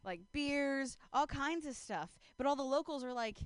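A woman's voice: high voice, animated, normal speed, hardly any pauses, a bit bright, no room sound. A young woman comedian telling a rambling stand-up story on stage, full of fillers, laughing at her own jokes into a handheld mic.

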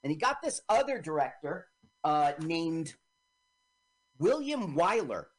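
A woman's voice: deep voice, big pitch swings, slow. A woman co-hosting a radio show, chatting casually about an old film and acting out quoted lines as she retells the story. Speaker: radio co-host.

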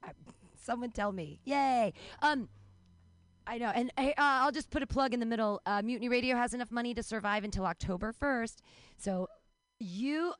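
A woman's voice: on the high side, moderate pace, no room sound. A woman hosting a comedy show, cheering the crowd and chatting in a bubbly way.

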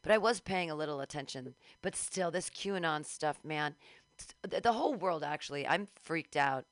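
Woman radio host, low voice, rambling chat, dry close sound. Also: lively intonation, moderate pace, no room sound. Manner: rambling, giggly, drifting off and mumbling. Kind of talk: casual chat.

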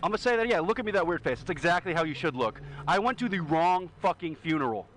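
A man's voice: fairly high pitch, animated, quick pace, fairly bright tone, rough recording. A man in his twenties doing a rambling, self-deprecating stand-up set while hungover. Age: 20s. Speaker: stand-up comedian. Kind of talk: stand-up set at an open mic.

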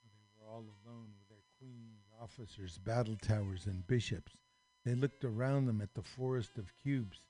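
A man's voice: on the low side, moderate pace. A man reading a children's story aloud on a radio show, acting out the characters. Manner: expressive, acts out the characters, varies loudness a lot.

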